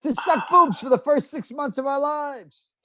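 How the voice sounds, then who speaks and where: A man's voice: very high voice, unhurried, bright, forceful tone, dry recording. A man co-hosting a casual talk show, wisecracking and teasing the others. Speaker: co-host. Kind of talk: casual chat.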